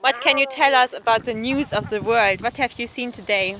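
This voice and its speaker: A woman's voice: a little high, fairly quick, pushed and bright. A woman with a playful, teasing, sing-song manner chatting to a seagull outdoors by the sea, with frequent giggles. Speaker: vlogger filming a seagull. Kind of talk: playful talk to an animal. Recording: noisy outdoor recording.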